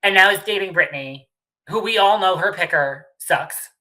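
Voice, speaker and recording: A woman co-hosting a casual podcast, recapping a reality show bluntly, swearing freely and tossing in animated asides. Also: medium pitch, normal speed, poor audio. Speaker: podcast co-host.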